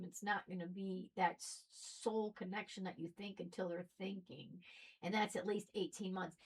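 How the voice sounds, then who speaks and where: High-voiced woman, kinda southern kinda northern accent, preachy ranting monologue, goes loud then quiet. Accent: mixed Southern and Northern US. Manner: ranting, preachy, swings between loud and soft. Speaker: spiritual video host. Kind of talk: impassioned monologue.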